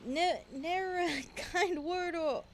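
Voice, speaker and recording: A greedy old sea dog of a pirate, voiced by a woman in a put-on pirate accent. The voice sits high and keeps tripping over the thick dialect, half reading and half acting. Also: full character voice. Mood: gruff. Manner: halting, stumbling over the written dialect. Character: gruff male pirate sailor, greedy.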